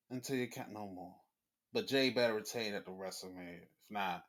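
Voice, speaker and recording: A man hosting a casual sports podcast, rambling and swearing, often jumping into excited, high-pitched rants. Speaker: podcast host. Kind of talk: casual wrestling chat.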